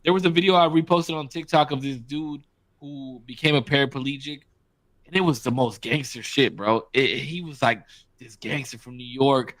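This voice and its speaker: A man's voice: mid-range voice, moderate pace, a bit bright, no room sound. A man co-hosting a podcast in casual chat, blunt and profane, talking with emphasis. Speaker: podcast co-host.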